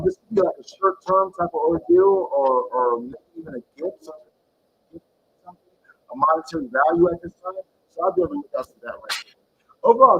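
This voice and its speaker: A man with a high, slightly rough, somewhat bright voice and vocal fry gives live-streamed tarot readings, greeting viewers and calling them baby in a slangy, encouraging way. The audio sounds dull.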